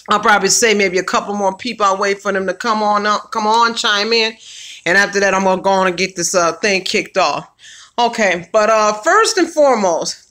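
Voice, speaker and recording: A woman's voice: mid-range voice, pushed and bright. A woman hosting her own livestream in a casual, upbeat way, greeting viewers by name and using slang. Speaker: livestream host.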